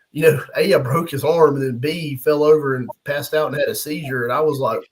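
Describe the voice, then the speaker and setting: A man's voice: a little high, fairly even intonation, brisk, poor audio. A middle-aged man, a guest arm wrestler, chatting casually and telling stories with easy chuckles and restarts. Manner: laid-back storyteller with frequent chuckles and restarts. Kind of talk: casual podcast chat.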